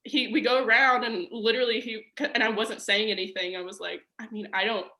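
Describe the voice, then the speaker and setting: A young woman with a bright, forceful voice that sits a little high, telling her story as a podcast guest. She is animated, says "like" constantly, and acts out the people she quotes. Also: fairly quick. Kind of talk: casual storytelling conversation.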